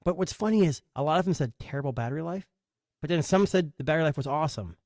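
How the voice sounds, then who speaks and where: A man's voice: a little high, lively intonation, fast talker, darkish tone, no echo, clean studio sound. A man co-hosting a tech podcast, chatting casually and often restarting his sentences. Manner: rambling, restarts mid-sentence. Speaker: podcast co-host.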